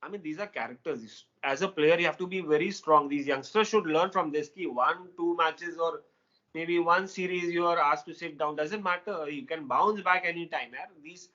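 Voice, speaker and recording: A man with an Indian accent co-hosting a casual cricket chat, excitable and laughing, slipping into Hindi. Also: on the high side, normal speed, lo-fi sound. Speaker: co-host.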